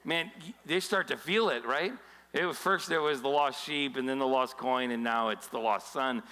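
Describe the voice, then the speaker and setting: A man preaching a casual, joking sermon as pastor, telling stories with quick voices for the people he quotes. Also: mid-range voice, pushed and bright, long reverb tail, poor audio. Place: church auditorium.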